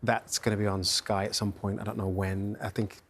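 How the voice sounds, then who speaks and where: A man, an actor, talking in a relaxed, chatty way with many fillers during an interview. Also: on the low side, brisk, slight background noise. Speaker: actor guest. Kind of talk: interview chat.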